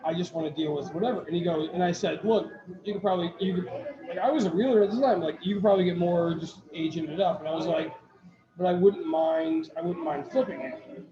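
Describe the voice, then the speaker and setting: A high-pitched man rambles through a story, starting over and acting out what people said to him. The sound is muffled and roomy, with a brewery crowd chattering behind him. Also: quick pace. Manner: rambling storyteller, restarts, quotes others. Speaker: podcast co-host. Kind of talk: casual chat. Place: brewery taproom. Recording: echoey taproom with crowd chatter, dull sound.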